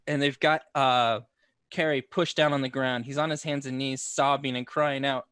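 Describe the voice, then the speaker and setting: A man runs a tabletop game, describing the scene in a loose, halting flow with plenty of fillers. His voice sits at a middle pitch. The sound is dry and close, with no room around it. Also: fairly bright tone, clean tone, no echo. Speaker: game master.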